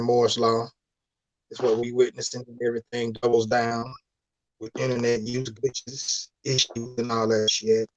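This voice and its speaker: A man's voice: mid-range voice, a little mellow. A man hosting a casual live stream, talking loosely in slang and reading out chat comments. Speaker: livestream host. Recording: dull lo-fi stream audio.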